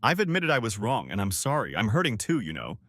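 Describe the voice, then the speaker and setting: A man's voice: fairly low pitch, huge pitch swings, brisk, fairly bright tone, no room sound, studio quality, exaggerated voice. A man voicing a heartbroken young wife who whines and begs, in a storybook reading. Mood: pleading. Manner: whining, begging, tearful.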